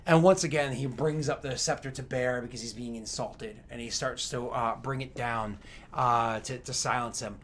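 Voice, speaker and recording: A man narrating a tabletop game as game master, describing scenes with frequent pauses and fillers. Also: medium pitch, steady tone, fairly bright tone, a little hiss or hum.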